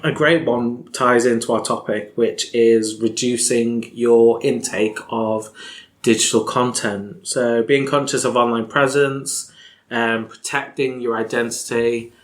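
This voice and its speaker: A man's voice: mid-range voice, steady tone, measured pace. A man hosting a podcast in casual chat, rambling with lots of fillers. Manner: chatty, rambling with many fillers. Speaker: podcast host. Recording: echoey room.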